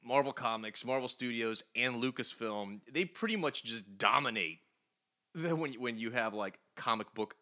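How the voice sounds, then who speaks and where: A man's voice: mid-range voice, lively intonation, moderate pace, bright, forceful tone. A man hosting a casual comics news podcast, upbeat and chatty, laughing often. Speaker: podcast host.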